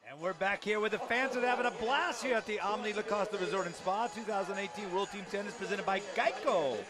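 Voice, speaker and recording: A man doing tennis broadcast commentary from an outdoor venue, upbeat and promotional, calling out scores and standings. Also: fast talker. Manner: upbeat, promotional, shouts out highlights. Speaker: play-by-play commentator.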